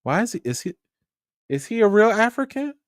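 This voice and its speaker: A man's voice: sits high, big pitch swings, brisk, no room sound, voice pushed up. A man voicing a confused, panicking studio executive who stammers through frantic questions. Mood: panicked.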